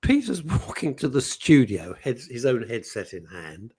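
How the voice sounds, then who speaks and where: A man's voice: medium pitch, a little slow, few pauses, slightly rough. A British man co-hosting a radio show, telling anecdotes in casual chat. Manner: storytelling, animated, laughs often. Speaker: radio co-host.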